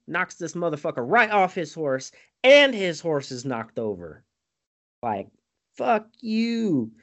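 Man, lively swinging pitch, casual cursing film recap, frequent laughs. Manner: profane, animated, laughs often. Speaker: movie recapper.

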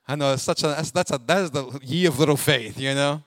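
Male pastor, high-pitched, lively sermon delivery with jokes and congregation call-outs. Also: a little fast, few pauses, no echo. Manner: call-and-response preaching, asks congregation to fill in words; animated, jokes and laughs, sings snatches.

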